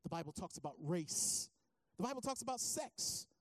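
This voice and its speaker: A preacher delivering a sermon in a dry, close recording with no room sound. The voice sits mid-range in pitch and moves from calm teaching into shouted, sing-song preaching. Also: moderate pace, no echo. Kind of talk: sermon with storytelling.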